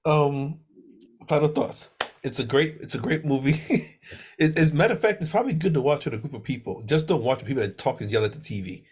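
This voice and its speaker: Husky-voiced man co-hosting a casual podcast. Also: a little high, lively intonation, fairly quick, a little mellow. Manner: rambling, crude jokes, lots of restarts. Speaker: podcast co-host. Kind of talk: casual chat.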